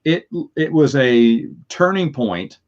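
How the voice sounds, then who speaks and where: A man co-hosting a casual podcast at an everyday mid-range pitch. He tells the story animatedly, acting out his own reactions with sudden high yelps. The recording sounds a little muffled and lo-fi. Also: very animated, slow pace, darkish tone. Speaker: podcast co-host. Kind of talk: casual chat. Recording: slightly dull, lo-fi sound.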